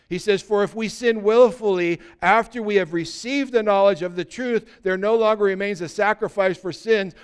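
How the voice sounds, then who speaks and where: Male pastor, fervent sermon delivery, fairly high, smooth resonant voice. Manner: urgent, emphatic preaching with repeated short declarations.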